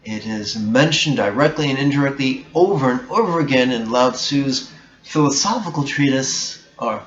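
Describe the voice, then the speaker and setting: A man giving a reflective spiritual talk as a meditation teacher, slow, deliberate and bluntly emphatic. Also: medium pitch, lively intonation, fairly bright tone. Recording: echoey room, dull sound, faint hiss.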